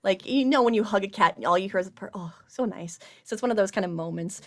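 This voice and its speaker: A woman's voice: medium pitch, racing. A woman narrating a tabletop game as game master in casual, chatty talk. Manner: casual, chatty, laughs often.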